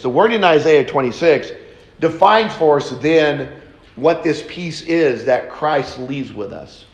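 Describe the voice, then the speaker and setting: Brief: male preacher, high voice, slow and deliberate, echoey church hall. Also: lo-fi sound. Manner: slow, deliberate teaching with repeated phrases. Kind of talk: sermon. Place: church auditorium.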